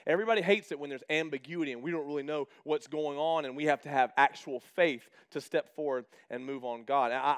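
A man's voice: a little high, clear, resonant tone. A man in his thirties preaching a casual sermon as a pastor, chatty and humorous, acting out quoted exchanges in his stories.

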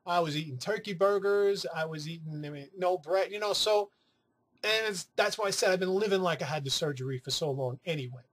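A weight-loss vlogger from New York City chats casually to camera, rambling and swearing with playful asides. His voice sits high, brisk and a bit bright.

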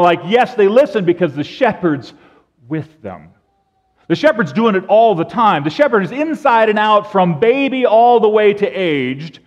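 A man's high-sitting voice swings widely in pitch at a moderate pace as he preaches a sermon as pastor. He tells stories animatedly, playing out the bleats and calls of sheep. Recorded in a church sanctuary, the sound is dull with long reverb.

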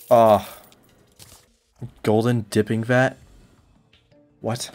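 A young man streams a video game, tossing off deadpan absurd jokes and mock complaints as casual commentary. His voice is fairly low and his speed normal, with faint music playing behind him.

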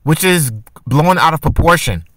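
A man's voice: a little high, lively intonation, normal speed, fairly bright tone, dry recording. A man giving casual opinion commentary for his channel, arguing his point with rhetorical questions and frequent restarts. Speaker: commentary vlogger.

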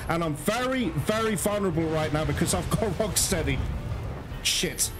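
A man with a fairly high voice talks at a normal speed, narrating his own gameplay live to his viewers. He's a gaming channel host, frustrated and swearing as he exclaims at the game, with loud game music playing behind him.

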